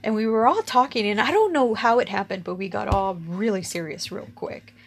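A woman speaks to her audience in a loose, candid storytelling voice. She is blunt and unfiltered, dropping a casual curse here and there. Her pitch sits in an ordinary middle range for a woman. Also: a little fast. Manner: frank and candid, swears casually, laughs often. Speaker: storyteller sharing personal experience.

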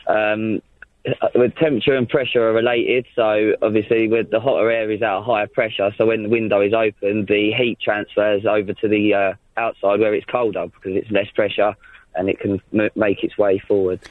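Brief: male caller, low voice, halting, thin phone line. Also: level tone, no echo. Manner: technical, halting. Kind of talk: phone-in call.

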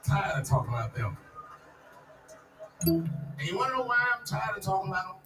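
A man's voice: sits high, very animated, fairly quick, over loud music. A man in his forties performing a stand-up comedy set, telling loose, profane stories that build to punchlines in a large live venue. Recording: echoey live venue, distant mic, audience noise.

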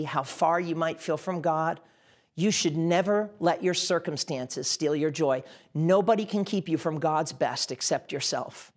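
Middle-aged male pastor, sermon delivery, earnest and fervent, addresses the congregation directly. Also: fairly high pitch. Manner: impassioned, direct address, repeats phrases for emphasis.

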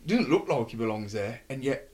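A man's voice: medium pitch, big pitch swings, moderate pace, a little mellow. A man on a football podcast panel, thinking aloud in casual chat and often restarting his sentences. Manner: thoughtful, with frequent restarts.

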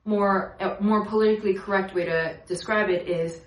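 A woman's voice: medium pitch, moderate pace, roomy sound, low-quality recording. A young woman giving a casual sermon, telling stories animatedly and acting out other people's voices. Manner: animated storytelling with acted-out voices. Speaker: preacher.

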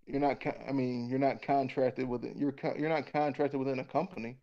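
A man's voice: medium pitch, fairly even intonation, brisk, highs cut off. A man in casual conversation who rambles, restarts often, repeats words and swears bluntly.

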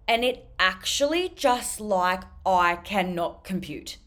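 A young woman hosting a casual solo podcast, blunt and animated, swearing constantly and saying "like" a lot. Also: mid-range voice, slow pace, hardly any pauses. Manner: animated, jumps between loud and soft. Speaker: podcast host.

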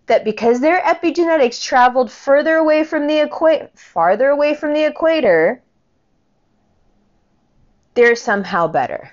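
A woman's voice: a little slow, highs cut off. A woman in her forties in a casual, profane, angry monologue, acting out other people's lines as she retells a story. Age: 40s. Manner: profane, animated, quotes people in lowered voices.

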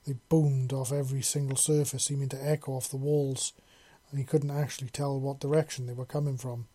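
A man reading a science-fiction fan story aloud, in steady descriptive narration. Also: mid-range voice, a little fast, dry recording.

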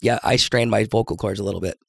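A man's voice: lowish voice, a little fast, vocal fry, a bit bright, husky. A man from the Seattle area hosting a casual interview, joking and self-deprecating. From Seattle area, USA. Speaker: podcast host.

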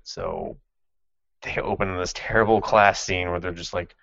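A very low-pitched man hosts a podcast in a loose, sardonic chat, swearing freely and laughing as he goes. His voice is close and dry, without room echo. The audio is slightly dull and lo-fi. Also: huge pitch swings, unhurried, creaky, fairly bright tone. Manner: sardonic and profane, with frequent laughs. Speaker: podcast host. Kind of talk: casual chat recapping an anime.

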